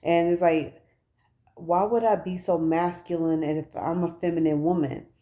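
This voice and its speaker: A woman's voice: lowish voice, fairly even intonation, moderate pace, dark tone. A woman in her thirties talking casually and candidly to her viewers in a personal vlog, recorded on a phone. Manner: chatty, candid storytelling to viewers. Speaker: vlogger.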